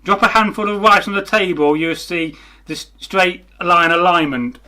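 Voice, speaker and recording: Bloke co-hosting a comments chat, slightly high bright voice, dry jokey digs. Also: male voice, moderate pace. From England. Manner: dry, mocking humour. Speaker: co-host. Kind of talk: casual comment-reading chat.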